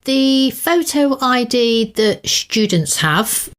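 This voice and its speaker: Woman cohost chatting, higher voice, really animated, short replies. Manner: quick to laugh, brief replies. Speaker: podcast co-host. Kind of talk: casual chat.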